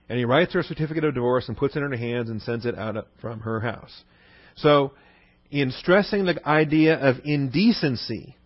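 A man's voice: medium pitch, normal speed, no echo, dull audio. A man teaching a Bible lesson in a conversational sermon style, often asking the listeners "okay?". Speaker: pastor.

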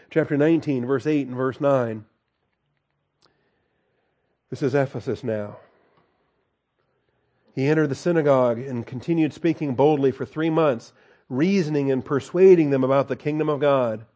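A man's voice: medium pitch, normal speed, pauses often, warm tone. A man teaching a Bible study in a folksy, conversational way, reading scripture aloud and breaking off to comment with a chuckle.

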